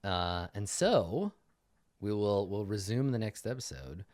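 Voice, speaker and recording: A man running a tabletop game as game master, narrating in a casual, animated way with many fillers. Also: lowish voice, measured pace.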